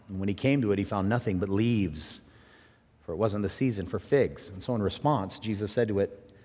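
Husky preaching man in a big hall. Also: lowish voice. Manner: impassioned preaching, with sudden loud rises and quiet drops. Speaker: pastor. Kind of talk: sermon. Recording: long reverb in a large hall.

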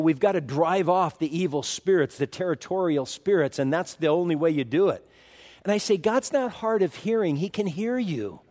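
A man's voice: fairly high pitch, a little mellow, in a large hall. A man pastor giving an expository sermon in a conversational way, with wry asides.

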